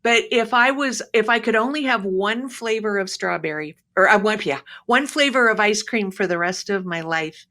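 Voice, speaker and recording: A middle-aged woman, a pharmacy professor, chatting as a podcast guest and telling jokes with lively character voices. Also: mid-range voice, normal speed, hardly any pauses. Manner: acts out both sides of a joke with lively voices. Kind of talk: casual interview, animated joke telling.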